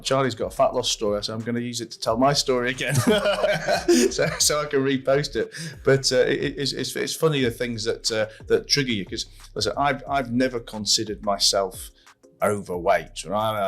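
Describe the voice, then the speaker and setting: A man's voice: mid-range voice, fairly even intonation, fairly quick, a bit bright. A man hosting a podcast, telling a long personal story with lots of repeats, restarts and swearing. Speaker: podcast host. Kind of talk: casual interview chat.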